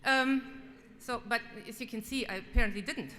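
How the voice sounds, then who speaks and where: A woman's voice: on the high side, moderate pace, sharp tone. A middle-aged woman with a German accent, a state representative giving an earnest, personal farewell speech in a legislative chamber. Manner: earnest, personal, lightly self-deprecating. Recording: echoey chamber.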